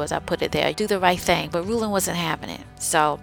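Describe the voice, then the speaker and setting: A woman's voice: lowish voice, brisk, vocal fry, few pauses, soft background music. A woman hosting a podcast, recapping her own short stories in a chatty, enthusiastic way with frequent asides to the listener. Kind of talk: casual recap.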